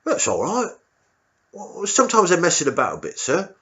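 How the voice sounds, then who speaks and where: A man's voice: high voice, wildly swooping pitch, normal speed, fairly bright tone, pitched above the performer's own voice, exaggerated voice. A man voicing a nervous young soldier who hesitates, mumbles and repeats himself, dodging a superior's questions. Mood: nervous, evasive. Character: nervous young male soldier, evasive and vague. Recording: dull lo-fi recording.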